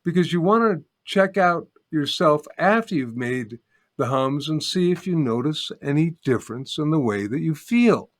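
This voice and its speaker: An older man teaching as a guest in an interview, calmly explaining and demonstrating a humming practice step by step. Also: a little high, moderate pace. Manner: calm, patient, repeats steps and demonstrates by humming. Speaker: sound healing teacher, guest. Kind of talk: guided instruction in an interview.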